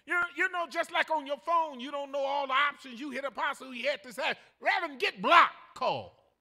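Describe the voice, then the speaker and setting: An older male pastor, preaching a sermon in a folksy storytelling manner that builds to shouted emphasis. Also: very high-pitched, steady tone, fairly quick.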